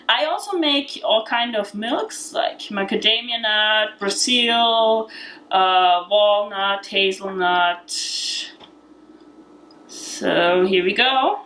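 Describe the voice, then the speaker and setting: A woman's voice: mid-range voice, pushed and bright, a little hiss or hum, rough recording. A woman with an Austrian accent giving a casual, chatty cooking demonstration in a home kitchen, with many fillers and frequent laughs. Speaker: home cook demonstrating a recipe.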